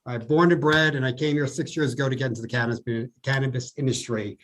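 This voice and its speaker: A man's voice: mid-range voice, steady tone, fast talker, a bit bright. Chatty man with a Jersey accent. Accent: New Jersey. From New Jersey. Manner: chatty, explanatory. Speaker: guest. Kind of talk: casual podcast interview.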